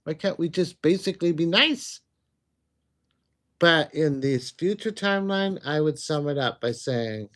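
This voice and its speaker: A man with a slightly high voice hosts a relaxed livestream. He rambles and chats as he takes viewers' questions one by one. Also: unhurried. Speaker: psychic livestream host. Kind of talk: casual livestream Q&A.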